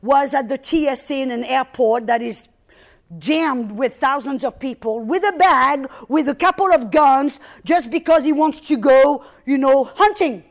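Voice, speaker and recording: A woman preaching, telling a personal story with lively, dramatic retelling and loud prayer declarations. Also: high-pitched, measured pace. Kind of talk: sermon storytelling.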